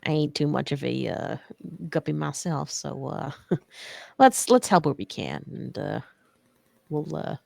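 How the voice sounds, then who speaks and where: A woman's voice: low-pitched, animated, measured pace, creaky, mellow, dry recording. A woman playing a tabletop character, talking in a folksy drawl. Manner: folksy drawl with "ain't" and "y'all". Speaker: player.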